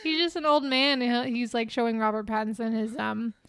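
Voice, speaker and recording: A woman's voice: a little high, fairly even intonation, a little fast, fairly bright tone, clear, resonant tone, dry recording. A young woman in her twenties co-hosting a podcast in casual, giggly, teasing chat with lots of swearing. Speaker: podcast co-host.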